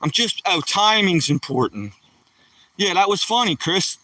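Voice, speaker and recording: A man's voice: sits high, lively intonation, a little slow, pushed and bright, no echo. A middle-aged man rambling and joking casually on a live stream, somewhat far from the mic.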